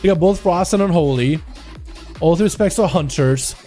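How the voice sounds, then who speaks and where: A man commentates game duels on a live stream, chatty and excitable as he reacts to the play and greets his chat. His voice sits high but has a mellow, unforced tone. Faint music plays underneath. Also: moderate pace.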